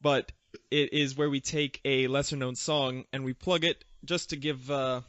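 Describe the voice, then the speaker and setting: A man's voice: mid-range voice, little pitch movement, measured pace, fairly bright tone, no room sound. Dry-humored man hosting a podcast. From Canada. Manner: dry, joking. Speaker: podcast host. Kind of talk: casual chat. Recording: dull dry podcast audio.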